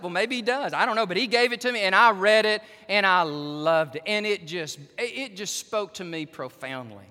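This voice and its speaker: A pastor, preaching a sermon in a church sanctuary, swinging from quiet asides to loud emphatic peaks. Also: male voice, sits high, animated, normal speed. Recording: reverberant church hall.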